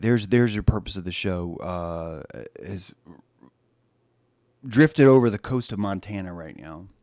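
A man's voice: deep voice, unhurried, long pauses, a little mellow, no room sound, clean studio sound. A man hosting a video, rambling jokily through a comedic commentary, stumbling and searching for words. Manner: rambling, jokey, full of restarts and word hunts. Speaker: video host.

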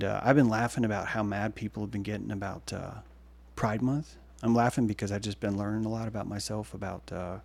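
A man hosting a livestream, talking in a meandering, excitable way that swings between loud bursts and hushed asides. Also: on the low side. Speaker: livestream host. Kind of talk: rambling livestream monologue.

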